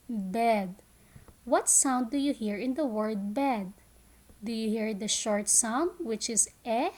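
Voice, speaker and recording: A woman with a fairly high voice gives an online phonics lesson to young children. She speaks slowly and clearly, stretching out each vowel sound so the little ones can follow. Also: a little mellow. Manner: slow, clear teacher talk with drawn-out sounds. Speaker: kindergarten teacher.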